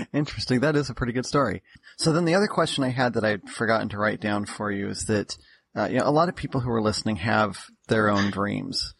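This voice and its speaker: A man's voice: fairly low pitch, fairly quick, gravelly, slightly rough. A man interviewing a guest, asking questions casually and laughing along in a friendly way.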